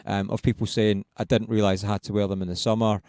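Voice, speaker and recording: Lively Scottish man, lower voice. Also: fast talker, smooth, no echo, studio quality. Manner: lively storyteller, laughs often, swears casually. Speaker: podcast co-host. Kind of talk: casual chat.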